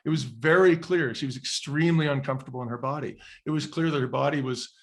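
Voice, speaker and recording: A man's voice: mid-range voice, quick pace. A middle-aged man speaks as a podcast guest and tells a personal story. His delivery is earnest and reflective. He slips into the voices of the people he quotes. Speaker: interview guest, former restaurant chain executive.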